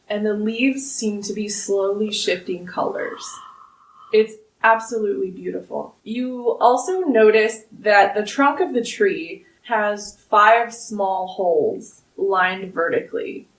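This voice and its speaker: A woman narrating as game master of a tabletop game, describing scenes slowly and with relish. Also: mid-range voice. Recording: roomy, distant mic.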